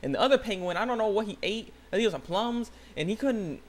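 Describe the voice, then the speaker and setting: A young man with a somewhat high voice hosts his own channel with a casual recap. He rambles excitedly, stacking fillers and starting sentences over. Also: fast talker. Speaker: channel host. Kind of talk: casual anime episode recap.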